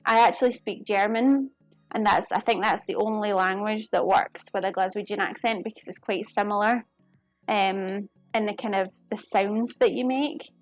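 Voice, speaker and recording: Her medium-pitched voice keeps a fairly even intonation at a moderate pace as this UK woman cooks live from her home kitchen. The recording is close and dry with soft background music, and she chats and giggles with viewers while working.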